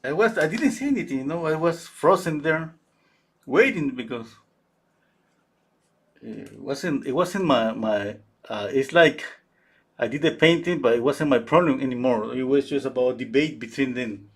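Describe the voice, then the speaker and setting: A man's voice: medium pitch, animated, moderate pace, husky. A man in his thirties, a painter telling a story in a rambling, casual way while he paints. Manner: rambling, fillers and restarts, chuckling.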